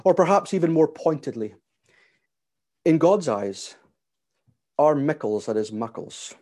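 A man preaching a sermon in a measured, emphatic way. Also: on the high side, animated, mellow. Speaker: pastor.

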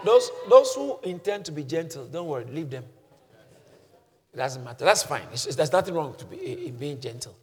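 A man preaching a sermon as a pastor, moving between quiet scripture reading and loud shouted exhortation. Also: a little high, sing-song, fairly quick, long reverb tail.

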